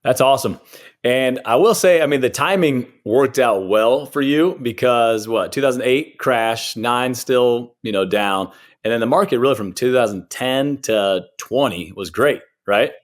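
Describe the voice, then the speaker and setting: A man's voice: mid-range voice, a little slow. A man hosting a podcast interview, summing up his guest's points in an encouraging way. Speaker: podcast host. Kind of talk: casual interview.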